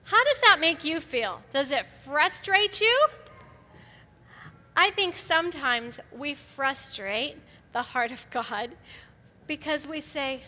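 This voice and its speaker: A middle-aged woman giving an animated sermon to a gathering of women, often laughing as she speaks. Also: high-pitched, slow pace. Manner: animated, laughs often, acts out quoted voices. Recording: live hall with long reverb.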